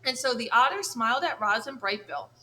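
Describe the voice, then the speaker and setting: A woman narrating a children's audiobook in a clear, measured way. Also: fairly high pitch, lively intonation, sharp tone, a little hiss or hum, poor audio.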